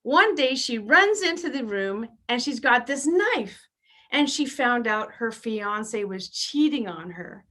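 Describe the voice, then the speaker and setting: A woman in her fifties works through a stand-up set with a bright, forward voice pitched a little high. She is brash and self-deprecating, and she leans into bawdy punchlines. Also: expressive, slow. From Canada. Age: 50s. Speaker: stand-up comedian. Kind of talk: stand-up routine.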